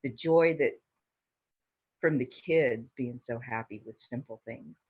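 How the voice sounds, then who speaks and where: A mission team member answering an interview question hesitantly, with many pauses and ums. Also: mid-range voice, husky. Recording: tinny phone-like sound.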